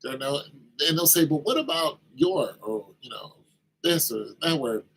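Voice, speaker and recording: A man's voice: fairly high pitch, animated, normal speed, gravelly, fairly bright tone, a little hiss or hum, poor audio. A man giving an informal sermon-style talk, conversational, acting out little exchanges with kids in raised voices.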